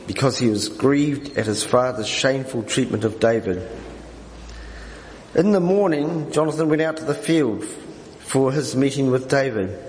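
A man reading scripture aloud during a church service, in a measured, steady way. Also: medium pitch. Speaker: scripture reader. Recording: echoey hall with faint noise.

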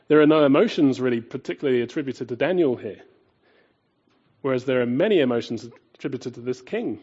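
A man with a mid-range, husky, warm voice preaches a little fast with lively intonation. He drives his points home with rhetorical questions, rising loud and then falling quiet. The recording is dull and lo-fi.

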